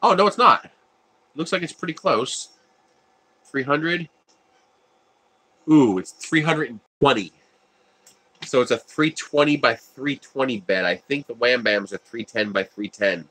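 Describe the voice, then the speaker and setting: Lively, laughing man on a livestream. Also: medium pitch, a little slow, long pauses, slightly rough. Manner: animated, laughs often, tells stories, reads viewer chat aloud. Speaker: livestream host building a 3D printer. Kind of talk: casual live-stream chat.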